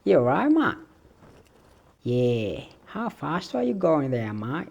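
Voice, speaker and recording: A man's voice: a little high, big pitch swings, slow, vocal fry, a little mellow, lo-fi sound, full character voice. A man doing a mock Australian accent as a blunt man quizzing a speeding driver.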